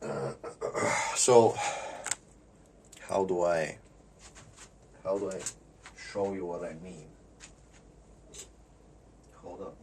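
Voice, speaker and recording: A man giving a rambling comedic monologue. He repeats words and often clears his throat. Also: low voice, fairly even intonation, very slow, pauses often, a little mellow, distant mic, slight background noise.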